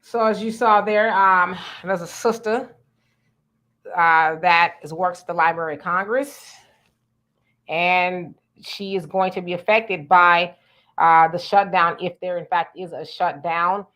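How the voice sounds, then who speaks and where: A woman's voice: on the low side, fairly even intonation, measured pace, fairly bright tone. A woman co-hosting a live online talk show, greeting viewers by name and chatting with many fillers. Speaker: livestream co-host. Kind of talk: casual livestream chat, reading comments.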